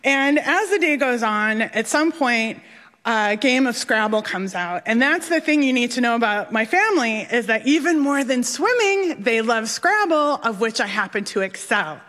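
Woman, live storyteller, animated, self-deprecating, fairly high voice, long hall reverb. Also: moderate pace.

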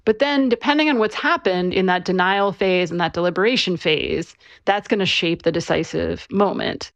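A woman who is an author, giving conversational interview answers and explaining things clearly, with casual fillers. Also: on the low side, moderate pace, no room sound, highs cut off. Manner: conversational, clear, with frequent fillers like "you know" and "right".

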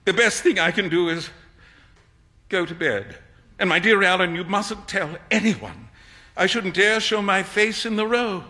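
A man reading a story aloud and voicing a sulky, unlucky young gentleman who grumbles quietly. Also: high voice, expressive, unhurried, voice pushed up, exaggerated voice. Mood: gloomy.

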